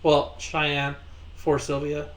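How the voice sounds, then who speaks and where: Man, game master, tabletop game, slightly high voice, easygoing, joking, explains the rules. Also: slow pace. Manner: relaxed, joking, guides players through rules.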